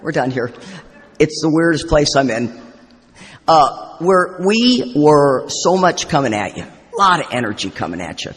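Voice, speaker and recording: A woman's voice: deep voice, very animated, unhurried. A middle-aged woman telling humorous, self-deprecating stories at a recovery convention, rambling as she goes. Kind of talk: storytelling recovery talk. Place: convention hall. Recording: live talk in echoey hall.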